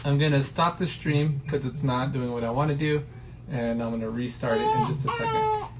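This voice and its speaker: A fantasy football stream host broadcasts casually from home late at night, breaking off between comments to chat playfully with a baby. He has a medium-pitched, sing-song voice at normal speed, and the background noise is heavy.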